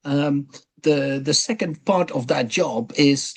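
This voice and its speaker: A man hosting a webinar over a video call, with a somewhat high voice for a man. He asks his guests questions and hesitates often, with many ums and uhs. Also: slow. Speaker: webinar host. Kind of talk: webinar discussion.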